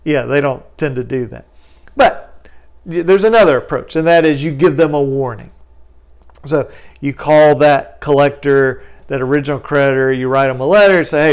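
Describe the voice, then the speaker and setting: A man talks in a slightly high voice, casual and explanatory. His telling stays animated, and he jumps higher to act out both sides of a phone argument. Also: normal speed, clear, resonant tone. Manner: lively storytelling, acts out phone calls in a raised voice. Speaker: consumer bankruptcy lawyer.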